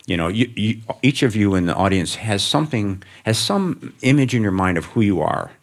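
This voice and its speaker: An older man from the American Midwest, a writer speaking onstage before an audience, reflective and gently humorous as he tells stories. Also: fairly low pitch, very animated, normal speed. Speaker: author guest.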